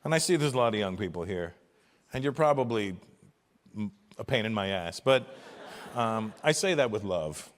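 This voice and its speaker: A man's voice: fairly low pitch, moderate pace, long pauses, big-room sound, slight background noise. Profane stand-up comic in his fifties. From Canada. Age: 50s. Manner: profane, animated, exasperated ranting. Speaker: stand-up comedian. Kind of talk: stand-up comedy set.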